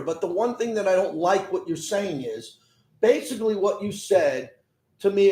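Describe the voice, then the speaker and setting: Combative high-voiced sports radio host. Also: male voice, darkish tone, reverberant, low-quality recording. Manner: combative, fires rhetorical questions. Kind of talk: sports talk radio, arguing with callers.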